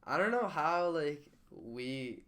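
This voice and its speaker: Bright-voiced young Canadian man chatting. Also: fairly high pitch, animated. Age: young adult. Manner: chatty, quick to laugh. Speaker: podcast guest. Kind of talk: casual chat.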